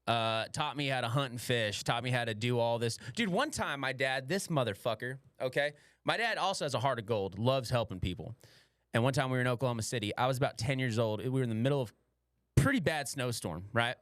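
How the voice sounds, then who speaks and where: A man's voice: medium pitch, fairly quick, a bit bright, no echo, clean studio sound. A man in his twenties hosting a casual podcast. He rambles crudely and laughs often. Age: 20s. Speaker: podcast host.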